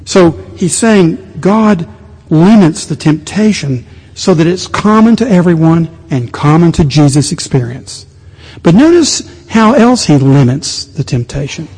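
A middle-aged male pastor preaching a sermon, animated with sudden quiet asides. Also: high-pitched, a little slow, breathy edge. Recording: long reverb of a large hall.

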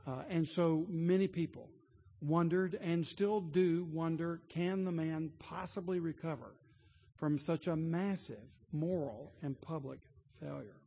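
A man's voice: fairly high pitch, a little slow, creaky, mellow. A man preaching a sermon, telling stories earnestly and building to emphatic points. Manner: earnest storytelling, rising to emphatic. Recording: long hall reverb.

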